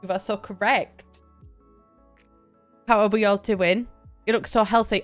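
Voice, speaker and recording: A woman's voice: mid-range voice, steady tone, a little slow, faint music behind. A young woman chatting casually on a live stream, thanking viewers by name and laughing often. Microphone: desk mic, camera on.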